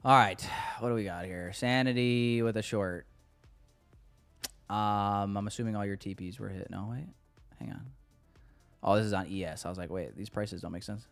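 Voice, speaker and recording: Dude streaming his trades, smooth clear voice, cracks jokes and swears, faint music behind. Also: fairly low pitch, steady tone, moderate pace, long pauses. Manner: loose, joking, profane banter with chat. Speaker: day trader streaming live. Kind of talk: casual live-stream commentary.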